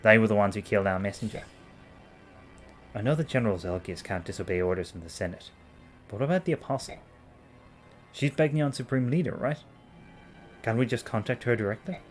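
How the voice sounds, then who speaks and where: A man's voice: fairly low pitch, brisk, long pauses, faint music behind, lightly acted. A man voicing a blunt young mercenary commander with a plain, questioning delivery. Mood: concerned.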